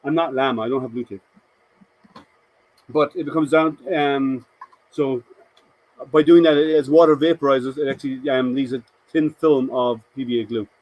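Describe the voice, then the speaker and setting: A man's voice: medium pitch, fairly even intonation, normal speed, long pauses, darkish tone, rough recording. A man hosting a casual live stream, chatting to viewers and answering their comments with rambling, hesitant talk.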